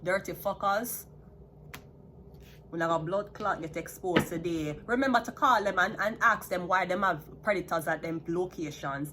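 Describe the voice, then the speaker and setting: Speaking at a moderate pace in a lowish, somewhat bright voice, a Jamaican woman vlogs an angry, unplanned rant at her audience. She curses and shifts between patois and standard English, and a slight hiss or hum can be heard.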